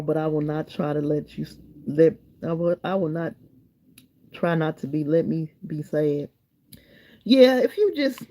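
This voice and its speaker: A middle-aged woman, hosting a live stream, chatting loosely with viewers and reading their comments in an encouraging way. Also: low-pitched. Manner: chatty, warm and encouraging, wanders between topics.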